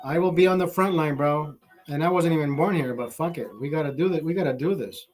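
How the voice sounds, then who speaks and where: A Honduran man in Los Angeles, California hosts a casual livestream, ranting with heavy profanity as he switches between English and Spanish. His voice is fairly high, fast and a little mellow, with faint music behind.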